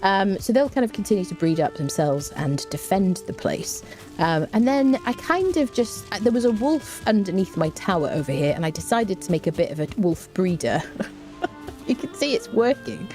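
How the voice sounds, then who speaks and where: A woman streaming a game live, talking through her play in a relaxed, chatty way with plenty of fillers and answering chat. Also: mid-range voice, moderate pace, soft background music. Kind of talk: live gameplay commentary, reading chat.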